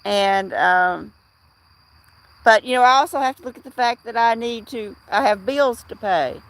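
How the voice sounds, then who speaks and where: Middle-aged woman host of a casual livestream; slow, halting talk full of fillers, answering chat by name. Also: on the high side, fairly bright tone, no echo. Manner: rambling, halting, with many fillers and restarts; replies to chat viewers by name.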